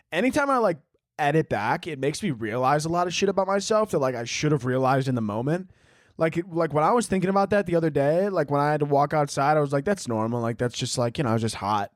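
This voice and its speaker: A man's voice: a little high, dry recording, studio quality. A young man hosting a solo podcast late at night, rambling, swearing a lot and riffing goofily. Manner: rambling, profane, goofy riffing. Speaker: podcast host. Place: room at home, late night.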